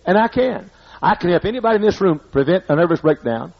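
A man's voice: high-pitched, expressive, quick pace, vocal fry. An older man with a Southern accent preaching a sermon as pastor, folksy and repetitive, hammering his points home. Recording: muffled lo-fi sermon recording.

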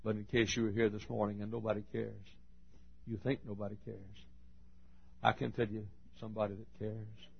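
A man preaching a sermon, telling folksy stories and swinging between loud and hushed delivery. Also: fairly low pitch, little pitch movement, normal speed, vocal fry, slightly rough, highs cut off. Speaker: pastor. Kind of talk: sermon storytelling.

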